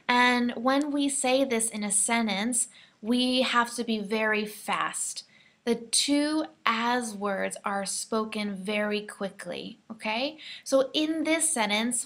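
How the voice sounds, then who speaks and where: American woman, english pronunciation teacher, very slow careful delivery, gravelly creak. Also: on the high side, a bit bright. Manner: slow, careful modelling of words for learners to repeat. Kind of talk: pronunciation lesson.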